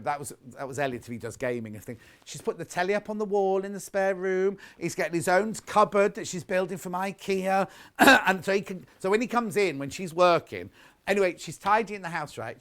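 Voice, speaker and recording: Live on a shopping channel, a middle-aged British man with a high-pitched, slightly bright voice chats between products. He reads viewer messages, gossips and takes rambling detours.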